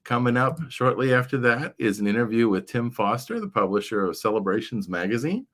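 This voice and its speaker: A man's voice: medium pitch, expressive, fairly quick, fairly bright tone. A man hosting a casual livestream chat, rambling along with frequent fillers. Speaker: livestream show host.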